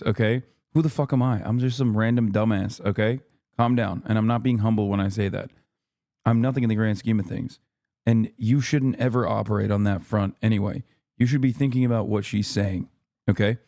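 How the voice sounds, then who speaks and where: A man's voice: mid-range voice, dark tone, no room sound, clean studio sound. A man in his thirties ranting at his live-stream chat, profane and exasperated, keeping his voice down so as not to wake a neighbor. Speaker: streamer reacting to a speech. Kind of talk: heated live-stream commentary.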